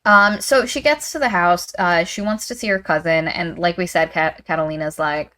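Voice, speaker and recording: A woman's voice: on the low side, brisk, hardly any pauses, bright, forceful tone. A woman co-hosting a book podcast, talking casually and animatedly, often laughing and mimicking characters.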